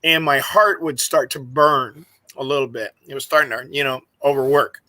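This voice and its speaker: A man's voice: medium pitch, normal speed, sharp tone, no echo, low-quality recording. A man co-hosting a casual video podcast, chatty and telling stories with easy laughs. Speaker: podcast co-host and park ranger. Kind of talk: casual chat.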